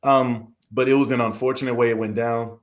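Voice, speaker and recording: A man's voice: medium pitch, flat delivery, brisk. A man from the American South, a podcast interview guest, talking at length in a frustrated way and acting out the questions he was asked. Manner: frustrated, long-winded, acts out quoted questions.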